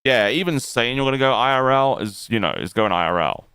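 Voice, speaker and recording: A man's voice: mid-range voice, animated, brisk, bright, forceful tone, clean tone, dry recording. A man co-hosting a live stream, chatting casually and hedging his opinions with restarts and qualifiers. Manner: hedging, unsure, with many restarts. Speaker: stream co-host. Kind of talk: casual drama-commentary chat.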